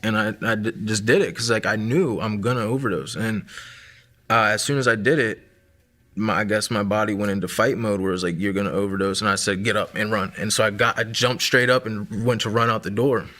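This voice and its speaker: A man's voice: fairly low pitch, steady tone, fairly quick, sharp tone. A man in his thirties sharing a personal testimony in a casual, conversational way, full of fillers like "like" and "man".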